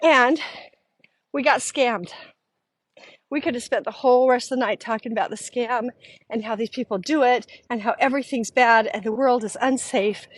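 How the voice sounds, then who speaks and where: A middle-aged woman tells a story in an animated, casual style, stepping into the voices of the people she quotes. Her voice sits high. The sound is dry and close. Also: moderate pace, dry recording. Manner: animated, acts out quoted voices, laughs often. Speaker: podcast host.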